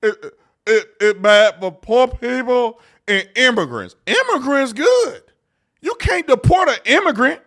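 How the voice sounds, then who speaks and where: Young guy hosting a live political show, aave, high lively voice, mocking, goes quiet then loud. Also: a little slow. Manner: animated, mocking, switches between hushed asides and loud outbursts. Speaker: host.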